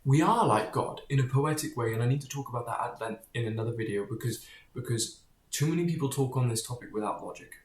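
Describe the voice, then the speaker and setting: A man in a mid-pitched voice talks straight to camera in a loose, wandering monologue, jumping between tangents and swearing bluntly. His voice bounces around a bare, echoey room. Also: expressive, fast. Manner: digressive, keeps drifting off topic, blunt and profane. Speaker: vlogger. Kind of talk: casual rambling monologue to camera.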